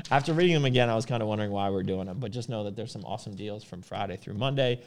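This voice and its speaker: A man's voice: on the low side, fairly quick, slight background noise. A man co-hosting a casual podcast about supplements, talking loosely with fillers and restarts. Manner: relaxed, rambling with fillers and restarts. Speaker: podcast host.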